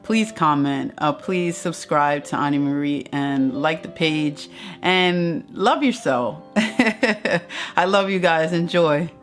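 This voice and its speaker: A woman's voice: sits low, slow pace, soft background music. A woman hosting a motivational live stream, affectionate and effusive, repeating herself and giggling often as she chats with viewers. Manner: excitable, shrieks during countdowns. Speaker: motivational speaker and channel host.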